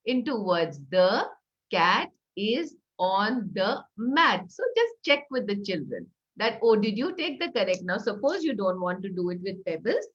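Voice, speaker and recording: A middle-aged woman with an Indian English accent talks parents through early phonics games. She is enthusiastic and slows down to model words and sentences. Her voice sits in a middle range, and the recording sounds a little dull. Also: medium pitch, very animated. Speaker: early-years educator and author. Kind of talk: talk for parents.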